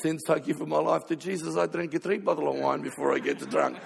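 A pastor doing a solemn Italian old-timer. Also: male voice, a little high, fairly even intonation, brisk, gravelly, breathy edge, full character voice. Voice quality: broken English. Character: older Italian immigrant man giving testimony. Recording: long hall reverb.

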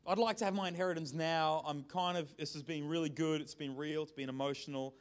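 A man's voice: on the high side, steady tone, fairly quick, lightly acted. A preacher voicing the prodigal son as a chatty young man. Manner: chatty, casual storytelling voice.

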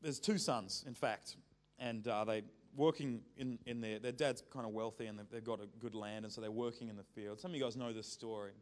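Lively preacher. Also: male voice, on the low side, brisk. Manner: conversational, lively storytelling with jokes. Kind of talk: sermon.

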